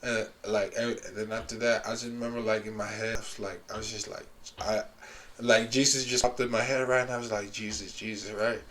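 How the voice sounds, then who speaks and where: A man's voice: mid-range voice, flat delivery, fairly quick, a bit bright. A young man telling a long story in casual chat, rambling with lots of fillers and restarts.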